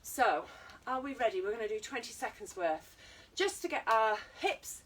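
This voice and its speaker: A woman's voice: on the high side, very animated, moderate pace, a bit bright, far from the mic. A British woman teaching an online exercise class, chatty and encouraging, joking at her own expense. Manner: chatty, encouraging, self-deprecating. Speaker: fitness instructor.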